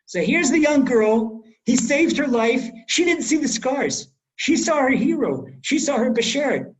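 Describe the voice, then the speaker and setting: A middle-aged man giving a Torah class, telling stories in a lively way and acting out the quoted speech. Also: extremely high pitch, unhurried, poor audio. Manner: animated storyteller, acts out quoted speech. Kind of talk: storytelling Torah lecture. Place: home in Israel.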